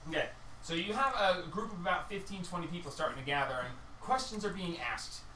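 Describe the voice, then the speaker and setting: This is a game master running a tabletop game, with a bright, very lively voice. The narration is animated, and it is recorded in an echoey room from some distance away, with faint background noise. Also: medium pitch, brisk. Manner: animated narration, shouting out the townsfolk's lines.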